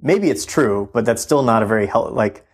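A man's voice: fairly low pitch, lively intonation, moderate pace, slightly rough. A man speaking as a podcast guest in a casual conversation, earnest and reflective, with many fillers.

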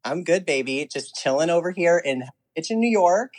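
A young man from New Jersey, a drag performer guesting on a podcast, bubbly and crisply enunciated. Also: fairly high pitch, expressive, normal speed, darkish tone. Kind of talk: casual chat.

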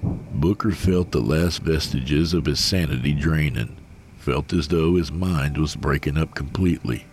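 A man reading a horror story aloud in a slow, measured, grim delivery. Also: rumbling low, darkish tone, slight background noise. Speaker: narrator.

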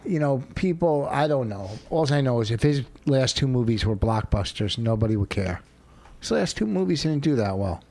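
A man's voice: medium pitch, expressive, moderate pace, warm tone, dry recording. A middle-aged man co-hosting a podcast, needling his co-host in blunt, dry banter. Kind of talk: casual banter.

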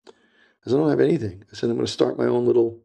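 A man's voice: mid-range voice, very fast, vocal fry, mellow. A man, a retired agent, telling stories in a casual interview, rambling and blunt and acting out what other people said. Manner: rambling, repeats himself, blunt, acts out quoted voices. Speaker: retired DEA agent, guest.

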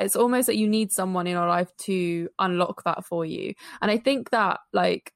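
A woman's voice: lowish voice, moderate pace, hardly any pauses, dry recording, studio quality. A young woman co-hosting a podcast, thinking aloud in a loose, musing way with lots of filler words. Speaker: podcast co-host. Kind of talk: conversational podcast interview.

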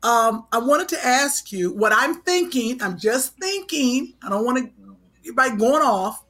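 A woman's voice: on the high side, animated, normal speed, a bit bright. A woman co-hosting a podcast, talking casually and expressively, teasing her partner. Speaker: podcast co-host. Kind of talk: casual comedic chat.

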